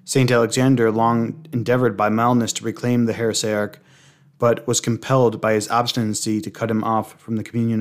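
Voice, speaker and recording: A man with a low voice reads a saint's life aloud at a measured pace. His delivery stays flat and even, with little rise or fall, and he now and then trips on a word and restarts it. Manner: steady, measured reading with small slips and restarts. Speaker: reader.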